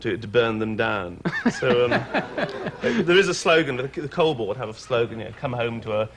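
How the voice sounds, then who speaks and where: A middle-aged man from Wales with an English accent, a talk show guest joking deadpan about absurd things and laughing often. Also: mid-range voice, moderate pace, background noise. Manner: playful, deadpan absurd humour with frequent laughs.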